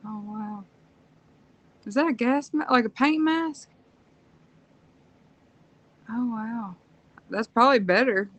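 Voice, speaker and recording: A woman's voice: a little high, lively intonation, slow pace, pauses often, a bit bright, lo-fi sound. A woman joining a live stream as a guest, chiming in with short reactions in casual chat. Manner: brief interjections and reactions.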